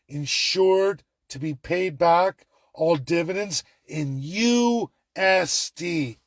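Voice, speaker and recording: A man's voice: fairly high pitch, no echo. A man from Alberta, ranting sarcastically and angrily in a political commentary video. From Alberta, Canada. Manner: sarcastic, angry, mocking.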